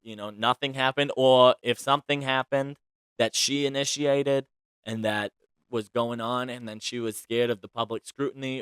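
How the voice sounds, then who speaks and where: A man hosting a celebrity gossip podcast in casual chat, chatty and dramatic, swinging between loud outbursts and soft asides. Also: medium pitch, clean tone, no room sound. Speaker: podcast host.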